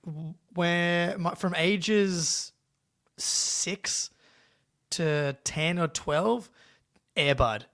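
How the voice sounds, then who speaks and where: A man co-hosting a casual sports podcast, animated and swearing casually as he chats. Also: fairly high pitch, extremely slow, pauses often. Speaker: podcast co-host.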